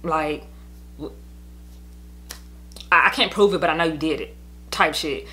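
Woman podcaster, bright forceful voice, rambling and profane, lots of "like" fillers. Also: low voice, a little slow. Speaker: podcast host telling her own story. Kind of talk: casual venting monologue.

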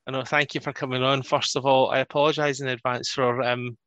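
A man's voice: medium pitch, little pitch movement, brisk, a bit bright, no echo. A Scottish man hosting a podcast interview, chatty and self-deprecating, with plenty of ums. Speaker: podcast host. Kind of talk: casual interview.

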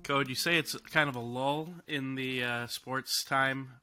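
A man co-hosting a sports podcast who jokes and teases in casual banter. His voice has a very bright, sharp edge. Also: medium pitch, steady tone, measured pace, soft background music. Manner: joking, teasing banter. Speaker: podcast co-host.

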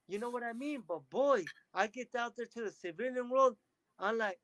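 A man talking as a podcast guest, telling energetic stories and acting out what others said to him. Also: very high-pitched, normal speed, no room sound, poor audio. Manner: energetic storytelling, quotes others in lively bursts. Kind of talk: casual interview chat.

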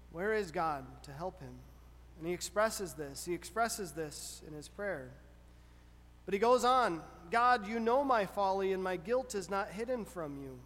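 A man preaching a sermon in an earnest, measured way, often pausing to ask rhetorical questions. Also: sits high, expressive, fairly bright tone, in a large hall. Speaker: pastor.

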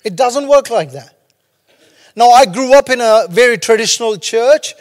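Guy pastor preaching, really high voice, echoes around a big church. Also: lively intonation, normal speed. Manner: humorous, conversational preaching with storytelling asides. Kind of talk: sermon.

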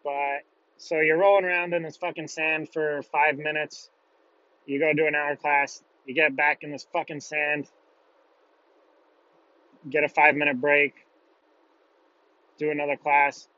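A man's voice: on the high side, level tone, measured pace, pauses often, pushed and bright, no room sound. A young man casually telling a personal story in a blunt way, with heavy swearing. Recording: dull, lo-fi, dry.

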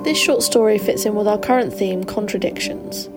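A woman's voice: mid-range voice, normal speed, loud music behind the voice. A young woman in her twenties, a student editor, presenting a literary showcase in a careful, earnest read. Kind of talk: scripted presentation.

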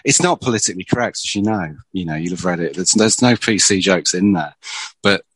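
A man's voice: low voice, animated, fairly quick, slightly rough, dry recording, rough recording. A man, a screenwriter, telling stories in casual conversation with many restarts. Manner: chatty storyteller, many restarts. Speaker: screenwriter guest.

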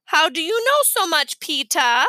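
Casting: woman playing a small boy who never stops asking why, high and bright, close dry read, storybook. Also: sing-song, measured pace, dry recording, heavily acted. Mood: curious. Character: curious little boy, pestering with questions.

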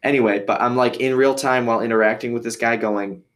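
A man's voice: medium pitch, fairly even intonation, quick pace, a bit bright. A man from Michigan hosting a podcast, telling a story casually and rambling with many fillers and restarts. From Michigan, USA. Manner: acts out others' voices when quoting. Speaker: podcast host.

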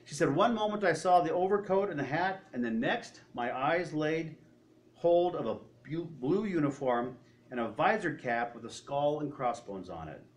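A man telling a story in a sermon, retelling someone's words and often dropping his voice low. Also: lively intonation, normal speed. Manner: retelling a story with quoted speech, often trailing off quietly. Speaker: preacher.

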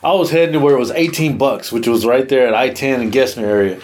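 Man co-hosting a podcast, lively storyteller who acts out his reactions and curses often. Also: mid-range voice, fast talker. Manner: animated storyteller, acts out his own reactions, swears a lot. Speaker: podcast co-host. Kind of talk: casual storytelling chat.

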